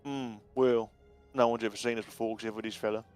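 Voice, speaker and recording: A man's voice: on the low side, level tone, quick pace, darkish tone, clear, resonant tone, soft background music, lightly acted. A man doing a rambling purple-painted orc. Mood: chatty. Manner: rambling, keeps adding "you know".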